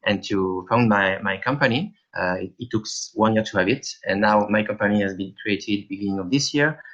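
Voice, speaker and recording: Low-voiced middle-aged Frenchman, halting. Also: fairly bright tone, dull audio. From France. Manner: halting, searching for words. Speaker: guest, app developer. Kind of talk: interview answers.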